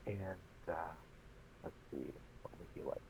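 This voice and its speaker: A man playing in a tabletop game, relaxed and hesitant, thinking aloud about his moves. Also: normal speed, noisy background. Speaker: player. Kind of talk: casual tabletop play.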